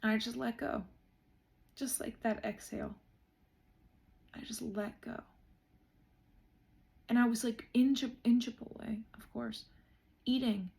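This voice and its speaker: Heartfelt woman vlogger with gravelly fry. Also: fairly high pitch, fairly even intonation, slow pace, long pauses, dark tone. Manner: emotional, heartfelt, says "like" a lot. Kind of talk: reflective casual chat.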